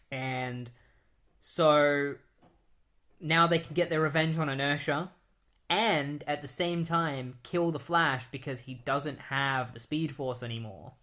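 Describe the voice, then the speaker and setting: A man's voice: medium pitch, a bit bright. A man in the middle of his range tells a comic book story in a loose, chatty way. He leans on fillers and restarts as he goes. It sounds like an easygoing podcast recap. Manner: casual, filler-heavy retelling. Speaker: podcast host.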